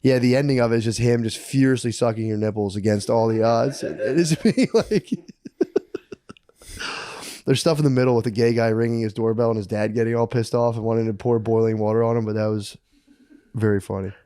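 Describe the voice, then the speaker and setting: A man co-hosting a podcast, retelling a book in a rambling, animated way, full of "dude" and "like". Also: medium pitch, brisk, no echo. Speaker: podcast co-host. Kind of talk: casual chat, retelling a book.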